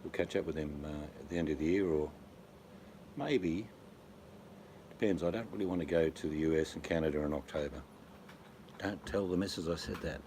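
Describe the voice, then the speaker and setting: A rambling, joking man with a very deep voice tells travel stories in a relaxed chat. A faint hiss sits under the recording. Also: fairly quick, long pauses. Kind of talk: casual chat.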